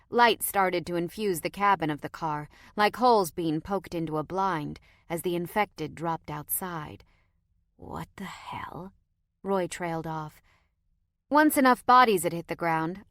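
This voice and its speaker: A woman narrates a first-person story with tense, dramatic delivery. Her voice sits at an ordinary middle pitch. The recording is dry and close, with no room sound. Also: fairly bright tone, no echo. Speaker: audiobook narrator.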